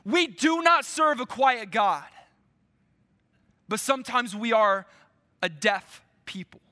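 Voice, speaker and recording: Slow, bright-voiced male preacher. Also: very high voice, lively intonation. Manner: slow, emphatic preaching with dramatic pauses. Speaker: pastor. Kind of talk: sermon.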